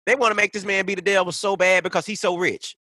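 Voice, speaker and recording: A man's voice: high-pitched, steady tone, fast talker, sharp tone, no echo. A man ranting in casual conversation, heated and profane, piling up point after point. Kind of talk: casual podcast rant.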